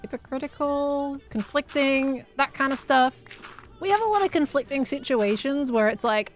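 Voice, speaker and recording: A woman's voice: sits high, normal speed. A young adult woman streaming casually, answering chat messages and laughing often.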